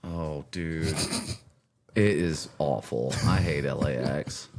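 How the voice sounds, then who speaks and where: A man's voice: rumbling low, slow, a little mellow, faint music behind. A man hosting a casual podcast chat, telling the story of his trip. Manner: chatty, storytelling trip recap. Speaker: podcast host.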